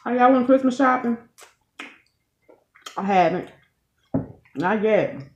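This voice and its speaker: A woman's voice: a little high, animated, slow, a little mellow, a little hiss or hum. A woman in her thirties hosting a casual eating video, chatting in a folksy way and talking straight to her viewers. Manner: chatty, folksy, keeps calling viewers "y'all". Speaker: channel host, mother. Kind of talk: casual mukbang chat to viewers. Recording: echoey room, dull lo-fi sound.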